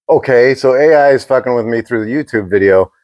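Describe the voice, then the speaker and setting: A man's voice: medium pitch, normal speed, no echo, highs cut off. A man co-hosting a podcast, telling a rambling, profane story in casual chat. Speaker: podcast co-host.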